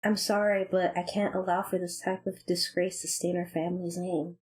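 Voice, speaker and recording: A woman voicing a sad, coldly disappointed young queen who speaks quietly and gravely. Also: fairly low pitch, level tone, moderate pace, natural voice, low-quality recording. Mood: grave sorrow.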